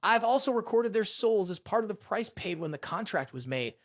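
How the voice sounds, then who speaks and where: A man's voice: high voice, animated, fairly quick, no room sound, studio quality. A man voicing a proud, dramatic male sun god who complains indignantly in a story recap. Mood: calm.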